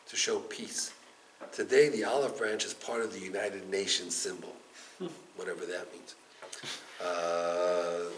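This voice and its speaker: A man teaching a Torah class as a rabbi, animated and storytelling, acting out the figures in his stories. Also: fairly low pitch, slight background noise, poor audio. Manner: animated, acts out the stories in quoted voices.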